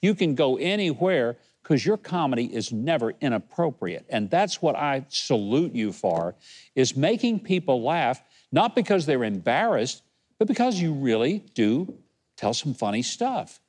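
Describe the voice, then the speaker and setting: A man's voice: mid-range voice, very animated, a little slow, a little mellow, breathy edge. A man hosting a TV talk show, chatting with and complimenting a guest in a studio. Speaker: TV show host.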